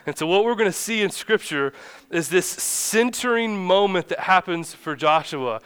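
A man's voice: high-pitched, lively intonation, normal speed, fairly bright tone, clean tone. A man in his thirties, a pastor giving a conversational sermon in a church, chatty and self-deprecating, acting out a funny story. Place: church sanctuary.

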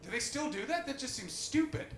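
Man in his twenties, high voice, crisp bright tone, live comedy host, swears a lot, roomy venue sound. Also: lively intonation, fairly quick, a little hiss or hum. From Canada. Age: 20s. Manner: profane, riffing on audience members. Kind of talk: live stand-up podcast banter.

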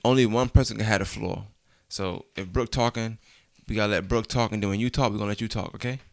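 A man's voice: lowish voice, steady tone, fast talker, vocal fry. A young father hosting a casual family vlog at home, teasing and joking with his kids in a rambling, playful way. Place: home, indoors.

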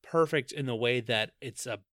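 A man co-hosting a casual movie podcast, chatty and quick to laugh while sharing film trivia. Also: mid-range voice, a bit bright, dry recording, studio quality. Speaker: podcast co-host.

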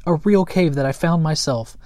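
A man's voice: a little high, normal speed, darkish tone, dry recording, voice pushed up, lightly acted. A man reading a storybook aloud and voicing a small, timid but boastful male creature who talks in a proud, slightly pompous manner.

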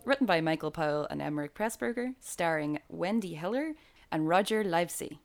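A woman's voice: fairly low pitch, lively intonation, fairly quick. Giggly woman co-hosting a podcast. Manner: giggly, laughs often. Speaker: podcast co-host. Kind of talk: casual film chat.

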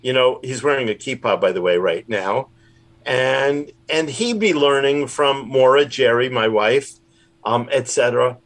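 A man's voice: mid-range voice, a little slow. A man, a rabbi and puppeteer, chatting casually in an interview in a rambling, self-deprecating way. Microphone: remote call.

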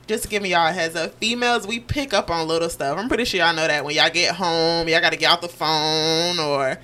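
A woman's voice: fairly low pitch, fairly even intonation, a little fast, sharp tone. A woman guesting on a podcast, giving blunt, emphatic opinions in casual chat.

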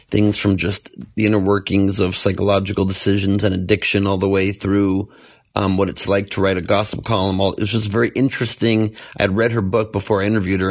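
A man hosting a podcast in casual, rambling chat, joking at his own expense and sleep-deprived. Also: sits low. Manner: rambling, self-mocking, jokey asides. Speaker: podcast host.

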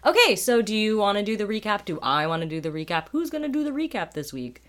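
A woman's voice: medium pitch, very animated, fast, fairly bright tone. A young woman co-hosting a podcast, recapping a TV show in casual chat, laughing often and swearing freely, her voice a little tired from talking all day. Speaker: podcast co-host.

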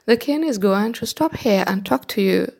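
A woman's voice: mid-range voice, lively intonation, moderate pace, vocal fry, darkish tone. Woman reading as a firm, scheming storybook cat. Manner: firm, commanding. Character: sly male cat servant, firm and scheming.

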